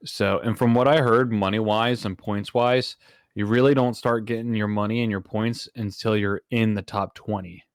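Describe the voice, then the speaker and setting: A man's voice: fairly low pitch, steady tone, moderate pace, no room sound, clean studio sound. A man hosting a casual podcast, thinking aloud in a rambling, easygoing way. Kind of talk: casual chat.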